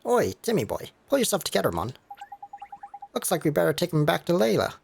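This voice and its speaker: A man's voice: on the high side, huge pitch swings, brisk, vocal fry, slight background noise, voice pushed up, exaggerated voice. A man voicing a cheeky, bossy male fairy sidekick who talks in brash slang, reading game dialogue.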